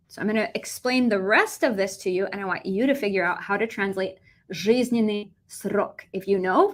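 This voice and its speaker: A young American woman with a lively, animated delivery, teaching a Russian vocabulary lesson and switching between English and Russian. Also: mid-range voice. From United States.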